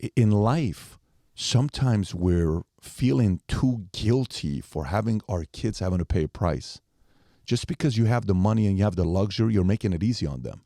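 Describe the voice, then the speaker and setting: Animated storytelling man, low and mellow. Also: normal speed, vocal fry, no room sound, studio quality. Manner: animated storyteller, acts out quoted lines. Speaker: podcast guest. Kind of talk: storytelling in a podcast interview.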